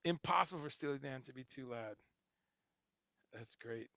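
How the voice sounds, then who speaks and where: A middle-aged man hosts a casual livestream in a gravelly, bright, fairly high voice. He rambles loosely, swears freely and reads viewer comments aloud. The sound is dry and close to the mic. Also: moderate pace, pauses often, no room sound. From grew up in Chicago and Guyana, later New Jersey. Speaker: livestream host.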